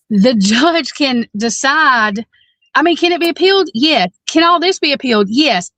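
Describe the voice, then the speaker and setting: A woman's voice: high voice, fairly bright tone, no echo. Outspoken woman in her forties. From Alabama. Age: 40s. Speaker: podcast co-host. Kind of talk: casual true-crime discussion.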